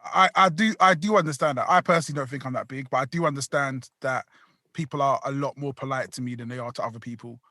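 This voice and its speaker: A man telling animated, sweary stories in a casual podcast chat. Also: mid-range voice, fast talker, dry recording. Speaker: podcast co-host.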